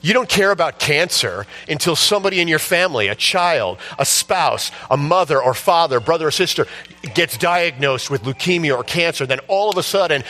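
A man preaching a sermon, telling a story with passion and building to shouts at its peak. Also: fairly high pitch, expressive, normal speed. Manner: impassioned storytelling, rising to shouts at the climax. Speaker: pastor.

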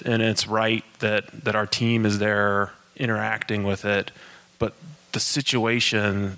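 Bright-toned man speaking in a monotone. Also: lowish voice. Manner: self-described monotone, steady, uses uh. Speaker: church mission team member. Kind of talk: church talk.

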